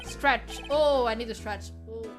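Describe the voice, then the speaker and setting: A woman's voice: a little high, measured pace, faint music behind. A woman streaming a game, chatting and thanking new followers. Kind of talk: casual game stream chat.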